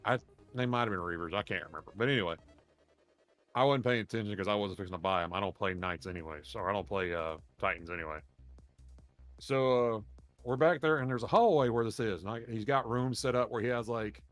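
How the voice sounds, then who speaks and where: A man's voice: lowish voice, brisk, no echo, faint music behind. Rambling man telling stories. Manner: rambling, profane, laughs while telling stories. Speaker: podcast co-host. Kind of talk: casual storytelling chat.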